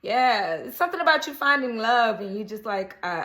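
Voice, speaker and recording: A woman's voice: on the high side, expressive, normal speed, few pauses, pushed and bright. A woman giving a casual daily horoscope tarot reading, chatty and earnest, often checking in with viewers with "okay?". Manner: earnest, coaxing. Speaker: tarot card reader.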